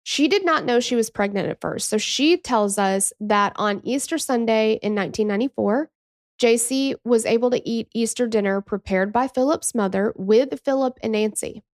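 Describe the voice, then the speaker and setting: A woman's voice: fairly high pitch, moderate pace, dry recording, clean studio sound. A woman in her thirties hosting a true crime podcast, telling the story in a chatty, emotional way with asides and acted-out quotes. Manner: acts out quoted people in a shifting voice.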